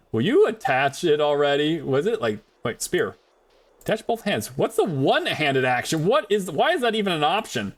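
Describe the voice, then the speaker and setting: A young man chatting rambly to his viewers while playing a game live, talking into a desk mic. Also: a little high. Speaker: streamer. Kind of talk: live gameplay commentary.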